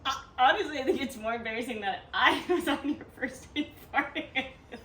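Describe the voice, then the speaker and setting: A woman's voice: high voice, brisk, a bit bright, slight background noise. A young woman co-hosting a podcast, telling a story in casual chat and acting out the quotes with lots of laughter. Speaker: podcast co-host. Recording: echoey room, a bit distant from mic.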